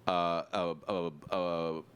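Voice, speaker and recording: Male comic co-host, low and resonant, relaxed and agreeable. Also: slow pace, smooth. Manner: laid-back, agreeable, chiming in with short replies. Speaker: comedian and podcast co-host. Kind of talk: casual podcast chat.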